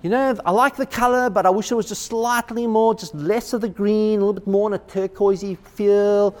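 A man's voice: high-pitched, fairly even intonation, brisk, darkish tone, lightly acted. A man acting out a finicky shopper who can't decide on the exact color of some clothes, in a reverberant hall. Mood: fussy. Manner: finicky, dithering. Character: fussy picky shopper weighing clothes colors.

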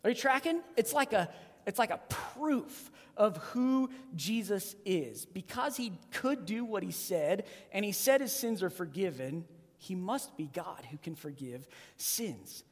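A preacher in their thirties or forties gives a sermon, swinging between loud emphasis and hushed, low, weighty lines. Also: animated, measured pace. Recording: long reverb of a large hall.

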